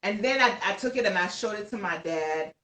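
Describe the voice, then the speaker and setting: Animated woman storyteller, distant and roomy. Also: mid-range voice, brisk. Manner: animated, breaks into laughs and shouts when excited. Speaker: guest author. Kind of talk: excited storytelling on a live stream.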